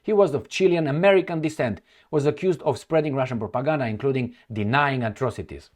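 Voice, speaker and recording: A man reacting to news articles on camera, indignant and emphatic, swinging between loud outbursts and low mutters. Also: fast. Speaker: political commentator.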